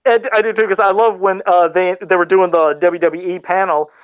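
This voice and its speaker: A man hosting a casual podcast chat about toys, excitable and rambling, quick to laugh. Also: high-pitched, smooth, no room sound, lo-fi sound. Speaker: podcast host and toy customizer.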